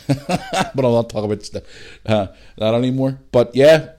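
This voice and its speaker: A man's voice: medium pitch, unhurried, darkish tone. A Northern Irish man in his thirties hosting a podcast, telling rambling stories in casual chat and swearing freely. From Northern Ireland. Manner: swears a lot, rambling storytelling. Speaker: podcast host.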